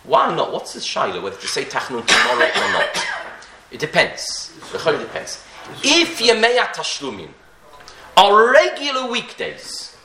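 A man's voice: fairly high pitch, wildly swooping pitch, a little slow, a crowd in the background. A man teaching a Talmudic-style Torah class, posing rhetorical questions and often restarting his sentences, with Hebrew and Yiddish terms woven into his speech. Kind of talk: Talmudic lecture. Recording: echoey room.

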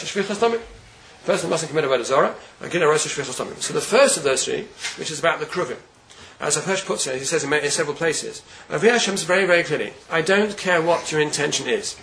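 Man, rabbi lecturing, gravelly with a faint noise floor behind. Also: on the high side, a bit bright, rough recording. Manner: earnest, repeats words while searching, Hebrew terms. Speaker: rabbi giving a Torah class. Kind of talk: Torah lecture.

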